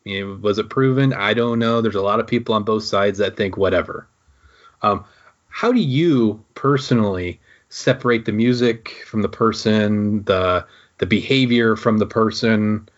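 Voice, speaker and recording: A man asking interview questions in casual podcast chat. He is measured and hesitant, with frequent ums. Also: fairly low pitch. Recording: dull, lo-fi recording.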